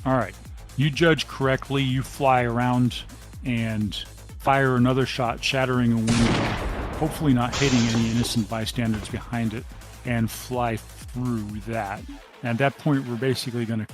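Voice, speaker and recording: A man running a tabletop role-playing game as game master, describing the action in a steady, measured way with frequent ums. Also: mid-range voice, music in the background.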